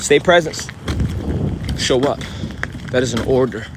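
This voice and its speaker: A man's voice: mid-range voice, a little slow. A man giving an intense, profane, confrontational motivational monologue outdoors by a street. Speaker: spiritual vlogger. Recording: street noise behind.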